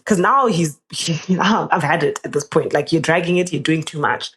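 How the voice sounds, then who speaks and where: A young woman, a podcast guest telling a personal story in a casual, animated way, her voice jumping up whenever she quotes someone. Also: normal speed, few pauses. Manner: animated, jumps up in pitch when quoting people.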